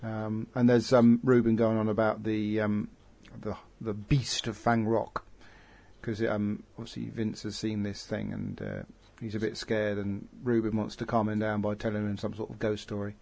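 A man's voice: fairly low pitch, little pitch movement, moderate pace, vocal fry, a little mellow. A man hosting a casual podcast chat, rambling with lots of fillers and restarts. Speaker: podcast host.

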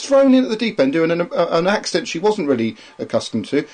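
A man's voice: on the high side, very animated, brisk, few pauses, darkish tone. A man co-hosting a podcast in casual chat, rambling and opinionated, with many restarts. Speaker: podcast co-host.

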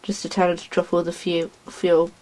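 A woman in casual chat, retelling a story in a rambling, excitable way, acting out lines as she goes. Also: on the low side, normal speed, rough recording.

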